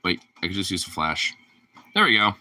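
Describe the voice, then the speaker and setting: A man's voice: deep voice, very animated, a little fast, bright, forceful tone. A young man casually filming his dog and teasing it in playful baby talk.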